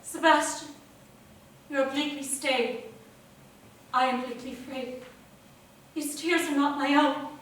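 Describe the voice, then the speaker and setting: Woman playing grieving ghostly lover Sophia, very high. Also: steady tone, takes it slowly, pauses often, a bit bright. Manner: poetic, declamatory, shifting from tender to anguished. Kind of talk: live stage drama. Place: theater stage. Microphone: distant room mic. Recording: echoey theater from far off.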